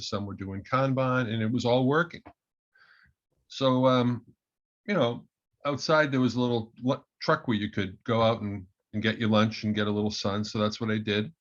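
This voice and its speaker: A man's voice: lowish voice, muffled recording. A man presenting as an agile coach, telling a story in a hesitant way with many ums and restarts. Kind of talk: storytelling talk at an online meetup.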